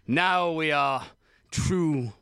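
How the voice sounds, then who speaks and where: A man improvising a solemn male space hero who declaims slowly and grandly. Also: on the high side, bright, forceful tone, clear, resonant tone, no echo, clean studio sound, full character voice. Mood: awestruck. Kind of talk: improvised comedy scene.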